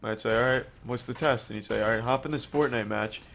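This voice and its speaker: A man's voice: mid-range voice, fast talker, creaky, fairly bright tone. A drunk man rambling in a mumbling, slurred voice on a livestream. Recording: noisy stream audio with game gunfire.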